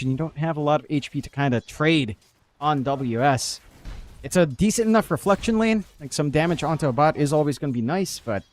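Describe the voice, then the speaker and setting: A man casting a live video game match, breaking down lanes and items in a chatty, analytical way and joking with his co-caster. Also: fairly high pitch. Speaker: esports caster. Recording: music in the background.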